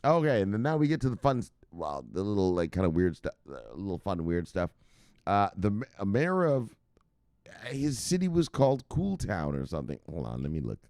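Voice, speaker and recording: A man's voice: low-pitched, very animated, brisk, darkish tone, dry recording, clean studio sound. A man hosting a crypto news show in casual, profane commentary, brash and laughing at his own jokes. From United States.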